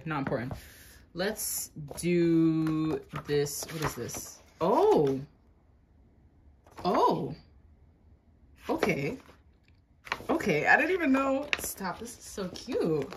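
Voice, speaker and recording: A young woman vlogging an unboxing in casual chat, excitable, swearing a lot and breaking into gasps and squeals. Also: low-pitched, noisy background.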